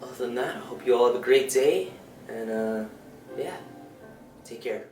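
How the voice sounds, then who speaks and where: A man hosting a stream, giving a relaxed recorded announcement, a little tired. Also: medium pitch, normal speed, music in the background. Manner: relaxed, loose, with fillers. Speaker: stream and podcast host.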